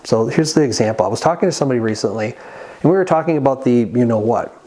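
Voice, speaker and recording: A man giving an earnest, conversational sermon as the host of a Christian channel, pausing now and then to read scripture aloud. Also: medium pitch, lively intonation, dark tone. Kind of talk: sermon-style monologue.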